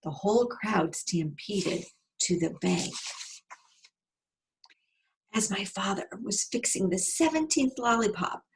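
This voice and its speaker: A woman narrating a children's storybook aloud in an expressive, unhurried way. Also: medium pitch, creaky.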